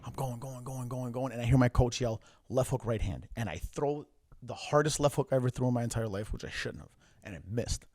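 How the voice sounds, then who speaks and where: A man from Michigan, a former pro boxer, telling his story as a podcast guest in a lively, profane way and acting out what others said. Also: medium pitch, fast talker, dry recording, studio quality. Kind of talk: casual storytelling.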